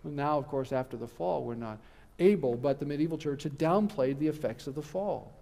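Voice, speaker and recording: A man's voice: fairly high pitch, brisk, creaky, mellow. Earnest man lecturing in a reverberant hall. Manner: earnest, emphatic, with wry asides. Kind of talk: conference lecture. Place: church hall. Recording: long reverb of a large hall.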